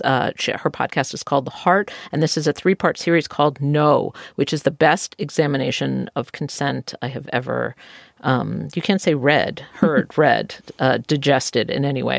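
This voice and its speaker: A woman's voice: deep voice, creaky, no echo, studio quality. A woman hosting a podcast in casual chat, bubbly and enthusiastic, laughing easily. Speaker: podcast host.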